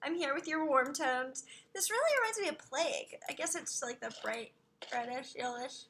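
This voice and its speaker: Gushing woman streamer with a high voice; casual chat, soft asides. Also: expressive, moderate pace, a little hiss or hum. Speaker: live streamer.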